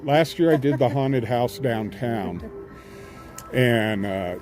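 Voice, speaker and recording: A man's voice: mid-range voice, lively intonation, slow pace, darkish tone, soft background music. A man streaming live outdoors, chatting casually and rambling with lots of uh's and restarts. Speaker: independent scanner-chasing reporter. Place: outdoors at a haunted house attraction. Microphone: handheld phone camera.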